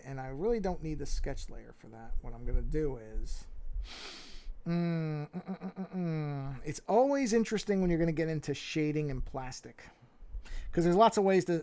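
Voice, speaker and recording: A man's voice: on the high side, creaky, a little mellow. A man with a New York accent thinking aloud and humming to himself as he narrates his drawing on a casual live stream.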